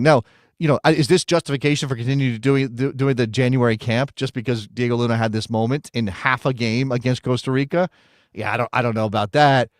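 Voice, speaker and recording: Brief: American male co-host, chatty and self-correcting, medium pitch, dry studio sound. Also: no room sound. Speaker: podcast co-host. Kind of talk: casual soccer talk show.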